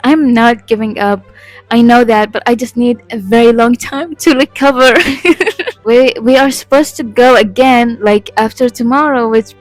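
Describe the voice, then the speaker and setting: A woman's voice: on the high side, normal speed, soft background music, low-quality recording. A young woman telling a storytime vlog, rambling, swearing and laughing at herself. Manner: rambling, profane and self-deprecating, laughing often. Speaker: vlogger.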